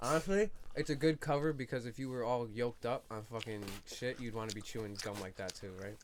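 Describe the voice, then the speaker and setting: A man's voice: mid-range voice, a little fast, noisy background. A man co-hosting a podcast in crude, joking casual chat. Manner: crude, loud, joking banter. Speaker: podcast co-host.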